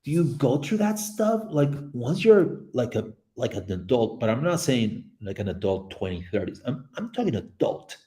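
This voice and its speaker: A man in his forties chatting casually on a livestream from his office, excitable and rambling, swinging between loud bursts and hushed asides. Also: mid-range voice, normal speed, few pauses, echoey room. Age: 40s. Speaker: livestreaming artist. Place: office room.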